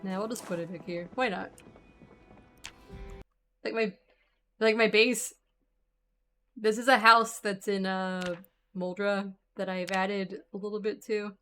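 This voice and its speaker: A woman's voice: medium pitch, steady tone, slow, pauses often, pushed and bright, soft background music. A woman streamer giving casual gameplay commentary, thinking aloud and trailing off with fillers while her voice is starting to go. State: losing her voice.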